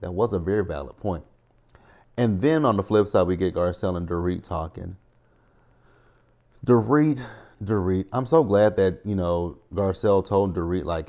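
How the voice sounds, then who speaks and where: A man's voice: sits low, moderate pace, long pauses, mellow, dull audio. A man in his thirties giving a chatty, opinionated recap of a reality show, talking straight to his viewers. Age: 30s. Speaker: TV recap host.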